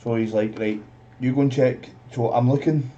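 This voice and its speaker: A man's voice: medium pitch, fairly even intonation, normal speed, mellow. A man gaming on a live stream, telling a rambling story, swearing and calling everyone "mate". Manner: rambling, swears often, says "mate" constantly. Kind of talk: casual storytelling while streaming. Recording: dull lo-fi, off-mic, noisy.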